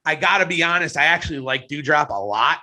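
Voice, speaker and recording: A man co-hosting a wrestling podcast in casual chat, teasing his partner and breaking into excited outbursts. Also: a little high, fast talker.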